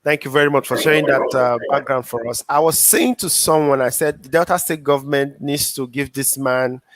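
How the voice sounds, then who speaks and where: A man's voice: medium pitch, fairly even intonation, fairly quick, no echo. A man hosting an interview, asking questions in an encouraging, conversational way. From Nigeria. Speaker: interview host. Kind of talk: casual interview chat.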